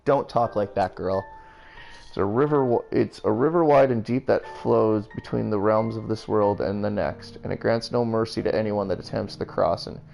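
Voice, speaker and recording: A man playing a gruff, foul-mouthed old grandmother. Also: fairly low pitch, normal speed, a little mellow, soft background music. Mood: stern tender. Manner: gruff, vulgar, rural drawl. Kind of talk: reading a novel aloud, voicing characters.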